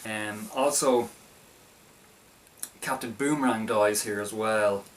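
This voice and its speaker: A man's voice: fairly low pitch, slow, far from the mic, slight background noise. A man casually reviewing a film, talking in a hesitant, stop-start way with many restarts.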